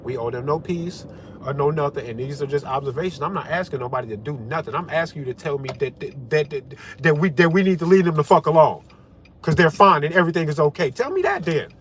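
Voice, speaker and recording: A man's voice: on the high side, quick pace, fairly bright tone, a little hiss or hum. A man delivering a heated, confrontational political rant to camera, swearing heavily as the host of his own channel. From United States.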